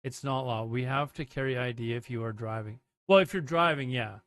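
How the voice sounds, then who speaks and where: A man with a medium-pitched, fairly bright voice talks briskly while hosting a livestream, rambling casually as he reads chat messages aloud and answers them.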